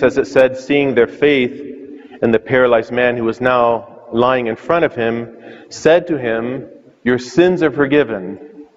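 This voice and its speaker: A man preaching a sermon as a priest, telling the story with questions to the listeners. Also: medium pitch. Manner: storytelling, asks questions aloud. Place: church. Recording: muffled reverberant church sound.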